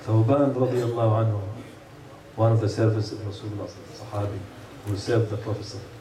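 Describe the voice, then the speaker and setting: A man's voice: fairly low pitch, fairly even intonation, very fast. Man preaching from afar in echoey hall. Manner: earnest, rhetorical questions, tells stories. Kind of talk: sermon. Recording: echoey room, mic far off, faint hum.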